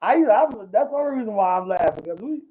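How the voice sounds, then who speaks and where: A man hosting a ministry talk show, talking in a folksy, preachy way, repeating himself and whooping with excitement. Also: high voice, fast talker. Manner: exclamatory and repetitive, whooping with excitement. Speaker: host. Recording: dull lo-fi audio.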